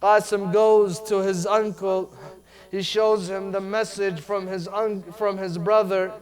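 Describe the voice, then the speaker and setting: Man, very high voice, slow, grieving lament recitation, hushed to crying out. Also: flat delivery. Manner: grieving, builds from hushed to cried-out pleading. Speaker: religious speaker. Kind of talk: mournful Muharram lament recitation. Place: Islamic centre gathering.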